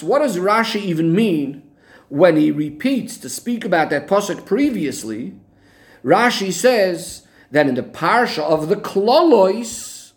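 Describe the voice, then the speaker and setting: High-voiced man teaching a text lesson. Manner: questioning, methodical, rhetorical back-and-forth. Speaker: Torah teacher. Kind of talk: Talmudic-style text analysis lesson.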